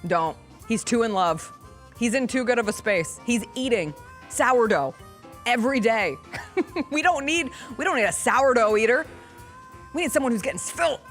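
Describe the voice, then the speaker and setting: A woman hosting a sports talk show, chatting casually with an animated, laughing delivery and quick asides. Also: fairly high pitch, faint music behind. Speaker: sports radio host. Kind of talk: casual studio chat.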